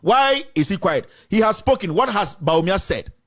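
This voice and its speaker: A man's voice: high voice, big pitch swings, normal speed, fairly bright tone. A man with a Ghanaian accent delivering an impassioned political rant, firing off rhetorical questions and switching between languages. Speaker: political commentator.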